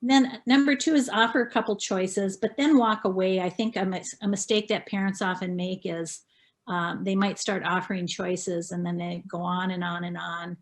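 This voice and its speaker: A woman's voice: medium pitch, fairly even intonation, moderate pace. A middle-aged woman from Minnesota with a Minnesota accent, a school counselor giving a parenting presentation in a friendly, conversational way with frequent fillers.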